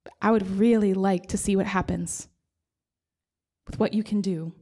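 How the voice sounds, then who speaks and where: A storyteller quoting a calm male doctor in a lower, measured, reassuring voice. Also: lightly acted. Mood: gentle. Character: calm male doctor, gentle and matter-of-fact.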